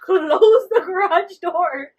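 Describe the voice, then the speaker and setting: A woman mimicking her puzzled, exasperated husband, with a raised, loud delivery. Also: extremely high pitch, slow, highs cut off, slight background noise, voice pushed up. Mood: incredulous.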